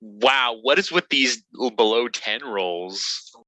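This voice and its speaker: A man's voice: medium pitch, lively intonation, takes it slowly, sharp tone, no echo. A man playing a tabletop game, asking questions and sounding unsure of the rules. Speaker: player. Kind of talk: casual chat during a tabletop game.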